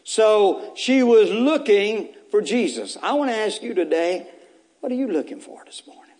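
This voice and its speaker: A man's voice: high voice, sing-song, normal speed, a little mellow. A pastor preaching an Easter sermon. He repeats phrases to urge the congregation on and breaks in with casual, joking asides. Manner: repetitive, exhorting preaching with bursts of raised intensity.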